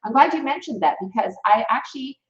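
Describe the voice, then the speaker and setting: A woman's voice: fairly high pitch, lively intonation, fast. A woman teaching music theory in a live stream, chatty and encouraging, reading out viewers' comments as she goes. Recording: roomy, distant, slightly dull mic.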